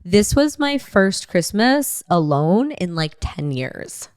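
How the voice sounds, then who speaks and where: A woman's voice: medium pitch, big pitch swings, slow pace, a little mellow, clean tone, no room sound, studio quality. A young woman guest on a podcast, candidly telling personal stories with light laughter. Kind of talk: casual chat.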